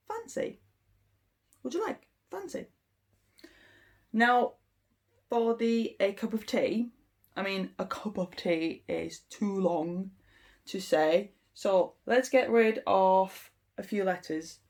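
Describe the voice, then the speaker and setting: A woman giving an informal language lesson, explaining step by step in an unhurried way with frequent ums. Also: mid-range voice, a little mellow. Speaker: English teacher.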